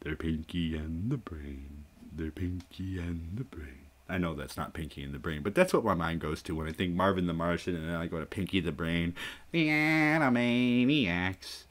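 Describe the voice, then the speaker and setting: A man's voice: low voice, moderate pace, fairly bright tone. A man in his thirties hosting a livestream, chatting in a rambling way and often laughing. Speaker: streamer host. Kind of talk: casual livestream chat.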